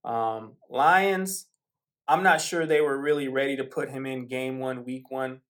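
A man talks football on his own podcast in a loose, rambling monologue. His voice is mid-pitched and ordinary, and his pace jumps between quick bursts and slow, drawn-out stretches. He keeps it casual, full of "um"s and side stories. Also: fairly even intonation, a bit bright. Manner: rambling, conversational, with frequent fillers and asides. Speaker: podcast host. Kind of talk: casual sports commentary monologue.

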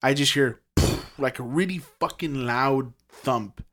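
A man's voice: medium pitch, takes it slowly, a bit bright. Young man rambling through a story. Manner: rambling, heavy on fillers and swearing. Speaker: podcast guest telling a ghost story. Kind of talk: casual storytelling.

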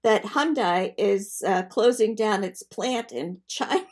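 An older woman chatting as co-host with her son, animated, giggly and emphatic. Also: medium pitch, takes it slowly, husky. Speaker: co-host, the host's mother. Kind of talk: casual chat.

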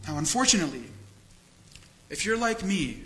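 A man's voice: sits high, very animated, normal speed, fairly bright tone, rough recording. A man preaching a sermon as pastor, earnest and candid, repeating phrases for emphasis. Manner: candid, self-disclosing.

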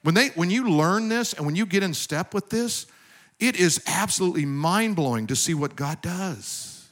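A male pastor preaching a sermon, telling stories and swinging between loud emphasis and quiet asides. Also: high voice, expressive, normal speed.

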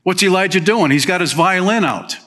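A male pastor preaching a sermon, reading scripture aloud and commenting with lively emphasis in a folksy way. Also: high voice, fairly quick. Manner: folksy, uses fillers and plain phrases.

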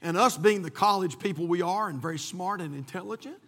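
A bright, high-pitched man preaching in a church. He tells a folksy story, restarting and repeating himself often. His voice rings out with a long hall reverb behind it. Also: a little fast. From North Carolina. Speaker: pastor. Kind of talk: sermon with a personal story.

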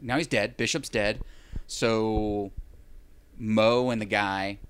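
A man's voice: lowish voice, fairly even intonation, takes it slowly, clean tone. Rambling, wry man recapping a film. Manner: rambling, wry, sarcastic asides. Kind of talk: casual chat, recapping a film.

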